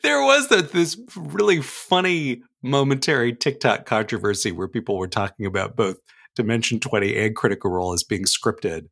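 A man's voice: medium pitch, lively intonation, moderate pace, creaky, a bit bright. A man on a podcast, chatting playfully about cowboy sayings and his actual play show, laughing often. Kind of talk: casual podcast chat.

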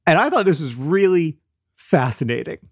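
A man co-hosting a podcast, chatting in a lively, animated way. His voice sits somewhat high and the recording is close and dry. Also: moderate pace, dry recording. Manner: animated, reads listener mail aloud with laughs. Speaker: podcast co-host. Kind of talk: casual chat.

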